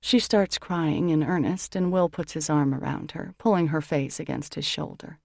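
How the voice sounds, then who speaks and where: A woman's voice: low-pitched, normal speed, gravelly, darkish tone, no room sound, clean studio sound. A woman narrating a first-person novel as an audiobook, in a wry, conversational way.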